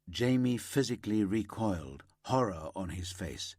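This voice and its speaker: A male audiobook narrator with a lowish voice that rises and falls with lively, animated inflection. He tells the story steadily on a close mic. The read is dry, with no room sound. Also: measured pace, no echo. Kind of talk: scripted narration of a crime thriller.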